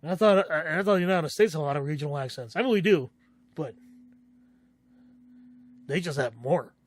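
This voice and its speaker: A male streamer chatting casually, reading text aloud haltingly and correcting himself as he goes. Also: fairly high pitch, lively intonation, no echo. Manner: musing, reads aloud haltingly, self-correcting. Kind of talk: casual stream chat, reading game dialogue and notes aloud.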